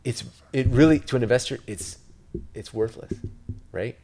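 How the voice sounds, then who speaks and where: A man's voice: medium pitch, normal speed, dark tone, slight background noise. A man from Italy, an interview guest talking about real estate in a loose, rambling way, full of filler words. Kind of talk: casual interview talk.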